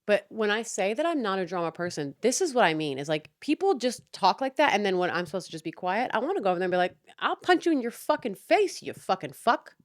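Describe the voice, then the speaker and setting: A young woman hosting a podcast, venting about a neighbor in a heated, profane, animated way. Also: mid-range voice, fast talker, hardly any pauses, no room sound, clean studio sound. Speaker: podcast host. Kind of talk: casual storytelling rant.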